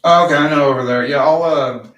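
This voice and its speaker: Profane middle-aged man, high voice, roomy. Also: quick pace, fairly bright tone, recorded from a distance. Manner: profane, rambling storyteller. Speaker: livestream host. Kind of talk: casual livestream chat. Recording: roomy, off-mic.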